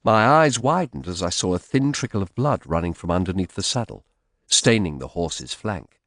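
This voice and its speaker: Low-voiced guy reading an audiobook, lots of rise and fall, totally dry sound. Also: normal speed, dry recording. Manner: expressive, dramatic storytelling. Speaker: audiobook narrator. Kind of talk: first-person audiobook narration.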